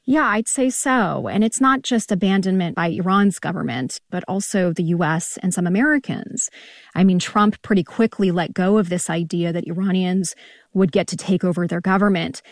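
A female radio correspondent speaks in a measured, steady manner, her voice a little lower than most women's. The recording is dry and close, with no room sound around her. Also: no echo. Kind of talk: news interview.

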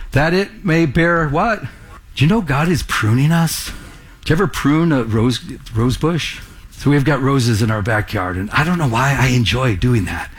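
Husky, animated male pastor preaching. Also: a little high. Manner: animated storytelling, acts out dialogue. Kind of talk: sermon.

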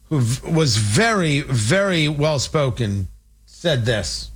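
A man's voice: medium pitch, big pitch swings, slow pace, slightly rough. A man hosting an opinionated commentary show, talking in an indignant, emphatic and mocking way.

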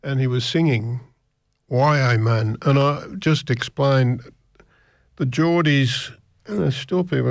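A man's voice: mid-range voice, vocal fry, dry recording, studio quality. A man in his eighties presenting on the radio, chatting in a rambling, self-deprecating way between songs. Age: 80s. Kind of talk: rambling casual radio chat.

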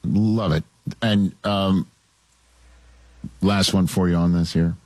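Husky-voiced male interviewer. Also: deep voice, steady tone, a little mellow, dry recording. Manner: stumbling, halting questions. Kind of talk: casual interview questions.

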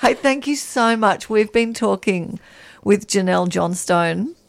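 A woman's voice: a little high, measured pace, vocal fry. A woman hosting a radio show in casual, chatty conversation, laughing easily. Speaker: radio host.

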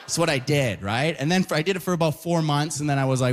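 Playful and fast, a young Canadian stand-up comic rambles through his stories, often ending lines with "right?". His voice is a little high with lively intonation.

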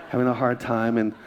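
A middle-aged man preaching a sermon at a church service, animated and joking with the congregation between points. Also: fairly high pitch, very noisy. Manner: animated storytelling with jokes and crowd asides. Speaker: pastor.

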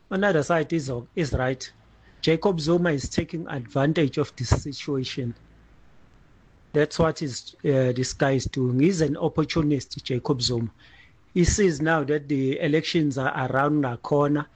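A man's voice: fairly high pitch, breathy edge, rough recording. A man calling a radio show, blunt and repeating his point. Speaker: radio caller.

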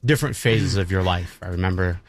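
A man giving a heartfelt, halting tribute to a radio colleague on air. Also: low-pitched. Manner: halting, sentimental.

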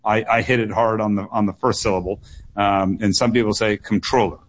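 Male political candidate, thirties, low-pitched, earnest, doubles words for emphasis, radio guest. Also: level tone, brisk. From United States. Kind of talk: radio call-in interview.

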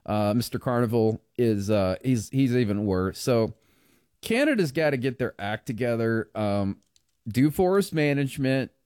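A male talk radio host speaks at an ordinary middle pitch, rambling and joking his way through loose political banter. He restarts his sentences constantly, and his voice sits close and dry on a studio mic. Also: animated, moderate pace, darkish tone, clean tone, no echo.

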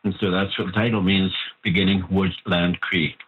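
A man being interviewed as the author of a language book, patiently explaining terms and often slowing down to spell them out. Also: sits low, level tone, a little hiss or hum. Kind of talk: interview answers over the phone. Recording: tinny phone line.

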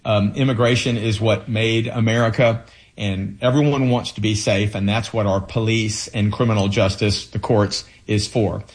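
Male political candidate, lowish voice; earnest, halting delivery full of fillers. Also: steady tone. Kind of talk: interview answers.

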